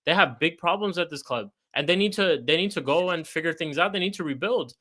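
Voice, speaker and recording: Podcast co-host, man, bright edge, repeats himself to drive a point home. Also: a little high. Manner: deliberate, repetitive arguing. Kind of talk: casual football debate.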